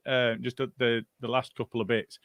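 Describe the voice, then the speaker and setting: A man's voice: mid-range voice, level tone, moderate pace, a bit bright, no room sound. A man co-hosting a football podcast, chatting casually and putting questions to his co-hosts. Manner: conversational, asks co-hosts questions. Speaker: podcast co-host.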